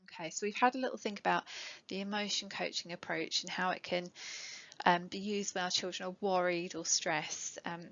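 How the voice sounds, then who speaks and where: A woman's voice: fairly low pitch, fairly even intonation, moderate pace, a bit bright. A middle-aged woman, an educational psychologist, giving a webinar talk to parents in a conversational way, with many ums and light laughs. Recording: dull lo-fi webinar audio.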